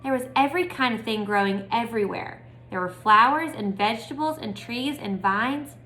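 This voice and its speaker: A woman's voice: fairly high pitch, moderate pace, pushed and bright. A woman casually reading a children's book aloud with friendly, chatty asides. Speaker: storybook reader. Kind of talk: casual read-aloud storytelling.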